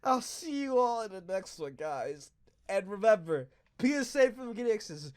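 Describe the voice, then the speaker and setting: A man's voice: high voice, very animated, unhurried, pushed and bright, dry recording, studio quality. A drunk man doing casual let's play commentary, giggly, swearing and rambling. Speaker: game commentator.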